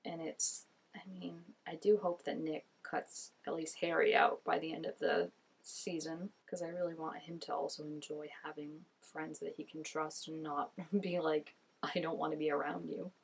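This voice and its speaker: Speaking at a moderate pace with a flat delivery, a young woman reacts casually on camera in a deep, gravelly, husky voice. As a reaction video host she's chatty and effusive, sprinkles in lots of "like," and laughs a lot.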